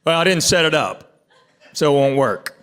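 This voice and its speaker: A man's voice: fairly high pitch, lively intonation, moderate pace, a bit bright. A middle-aged man with a Southern American accent doing a stand-up comedy set on a club stage, with a laid-back drawl and wry self-deprecating asides. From Southern United States. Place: comedy club stage before a live audience. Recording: roomy live club sound with crowd noise. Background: audience laughter.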